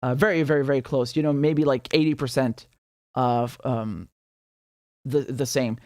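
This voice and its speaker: A Syrian man hosts a casual political commentary livestream, chatty and laughing often, full of fillers and restarts. His medium-pitched, fairly even, slightly mellow voice moves at normal speed in a dry, studio-quality recording.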